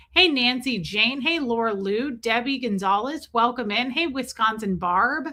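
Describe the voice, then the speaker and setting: A woman chats casually on her livestream, greeting viewers by name and joking between greetings. Her voice is bright and forward. It sits a little on the high side. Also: lively intonation, unhurried, few pauses. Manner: chatty and joking, reading out viewer names. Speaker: livestream host.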